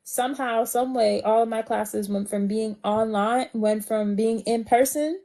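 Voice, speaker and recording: A woman's voice: a little high, fairly even intonation, measured pace, warm tone. A woman talking as a guest in a casual live chat, chatty and full of fillers.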